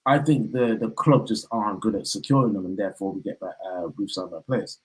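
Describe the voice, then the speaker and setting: A young man from the West Midlands of England, talking as a podcast guest in animated, slang-heavy casual banter about football. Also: on the low side, fairly quick, low-quality recording.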